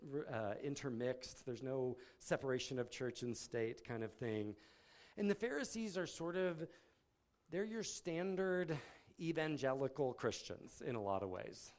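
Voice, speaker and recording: A man's voice: mid-range voice, a little mellow. Man giving a casual, conversational sermon. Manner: casual, explanatory, folksy asides. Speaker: campus ministry speaker.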